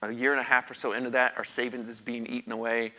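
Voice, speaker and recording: A man's voice: mid-range voice, little pitch movement, fast, bright, forceful tone. A middle-aged man preaching a sermon, telling his own story in a candid, conversational way with emphatic repetition. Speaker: pastor. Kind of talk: sermon with personal testimony.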